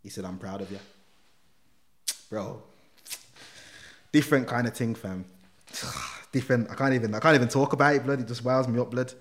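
A man telling an animated personal story as a podcast guest, full of slang. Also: mid-range voice, quick pace. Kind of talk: casual storytelling.

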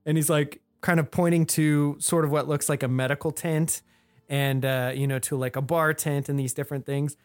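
A woman's voice: deep voice, fairly even intonation, moderate pace, no echo, faint music behind. Casual woman running a tabletop game. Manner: casual, filler-heavy explaining. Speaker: game master.

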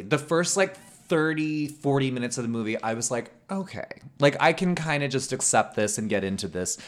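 A man hosting a podcast, talking casually about a film with many "um"s and "like"s and frequent laughter. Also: medium pitch. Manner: halting, many fillers, laughs often. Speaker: podcast host.

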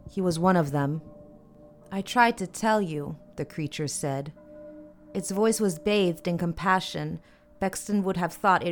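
A woman narrating a horror story as an audiobook, in a measured, even delivery. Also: lowish voice, a little hiss or hum.

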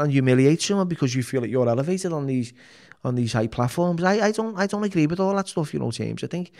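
Frank Liverpool man telling his story. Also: on the high side. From Liverpool, England. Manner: frank and emotional, heavy swearing, many restarts. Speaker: podcast guest. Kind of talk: candid personal storytelling.

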